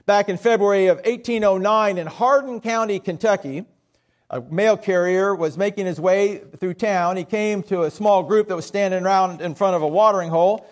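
A man's voice: high-pitched, moderate pace. A middle-aged man with a Southern US accent preaching a sermon as pastor, folksy and self-deprecating.

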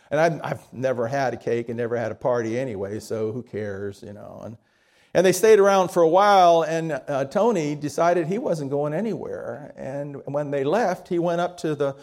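Folksy higher-voiced male preacher. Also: creaky, darkish tone. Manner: folksy storytelling with acted-out dialogue. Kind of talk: sermon storytelling.

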